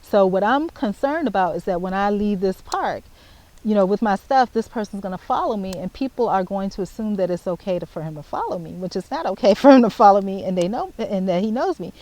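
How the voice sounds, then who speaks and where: Animated woman retelling a run-in. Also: mid-range voice, brisk, poor audio. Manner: animated, repeats herself, spells out details. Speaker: vlogger. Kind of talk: casual storytelling to camera.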